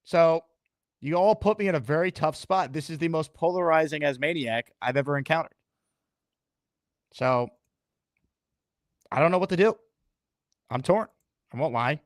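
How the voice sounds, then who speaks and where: A man's voice: fairly high pitch, normal speed, pauses often, dry recording, clean studio sound. A man hosting a live sports fan stream, greeting callers and talking straight to his viewers. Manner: upbeat, addressing viewers and callers. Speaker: host.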